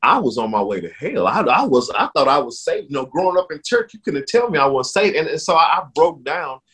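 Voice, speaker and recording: A man sharing his personal faith testimony in an interview, speaking earnestly with halting restarts that grow more emotional. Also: fairly high pitch, big pitch swings, a bit bright, husky.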